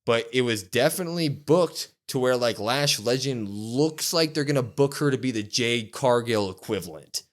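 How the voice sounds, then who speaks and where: A man co-hosting a wrestling podcast, quickly recapping an episode in casual chat and acting out the quotes. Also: mid-range voice. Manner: quick, animated retelling with acted-out quotes.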